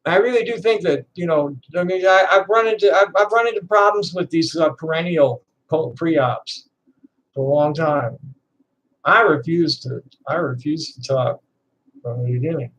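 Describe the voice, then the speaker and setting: A trans woman in her sixties ranting to camera in a profane, defiant, bitter way, halting and repeating words with laughing asides. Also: low voice, a little hiss or hum, low-quality recording. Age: 60s. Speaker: vlogger. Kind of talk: unscripted rant to camera.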